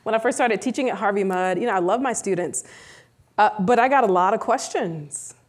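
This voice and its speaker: A woman professor speaking on a live panel, an animated storyteller who keeps checking in with "right?". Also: medium pitch, brisk. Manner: animated storyteller who acts out quoted dialogue; frequent rhetorical "right?" tags.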